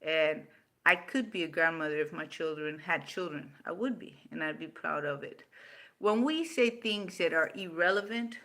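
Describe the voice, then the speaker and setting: This livestream host, a woman in her fifties, speaks in a low voice at a moderate pace with a bright, forceful tone. Unscripted, she answers comments from viewers, speaking bluntly and cursing freely.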